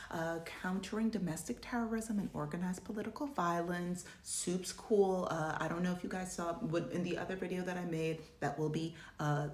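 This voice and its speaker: A young adult woman from the United States, a journalist giving casual video essay commentary with sarcastic, joking asides and big swings in pitch. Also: darkish tone. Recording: echoey room.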